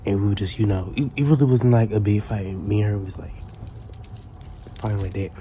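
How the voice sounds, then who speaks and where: A man's voice: fairly low pitch, steady tone, brisk, dark tone, a little hiss or hum. A man telling a casual storytime tale in a profane, rambling way, full of restarts.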